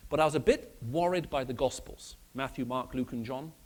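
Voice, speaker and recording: A man with a British accent who grew up in the Middle East gives a lively, conversational apologetics talk in a church, putting questions to his audience. His voice is medium in pitch and fairly quick.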